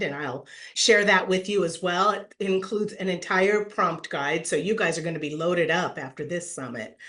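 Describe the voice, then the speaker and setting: Lively middle-aged woman presenter. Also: mid-range voice. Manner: animated and playful, acts out quoted voices, laughs often. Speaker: branding speaker at an online summit.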